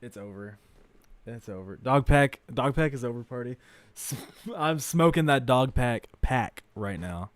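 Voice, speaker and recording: A man hosting a livestream, reacting to a video with crude, mocking commentary that swings between loud outbursts and mutters. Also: mid-range voice, animated, a little slow, no echo.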